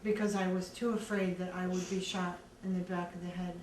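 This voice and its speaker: A woman earnestly recounting her own story in a measured way, with many pauses. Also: fairly low pitch, little pitch movement, darkish tone. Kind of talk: personal testimony. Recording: echoey room, distant mic, faint background noise.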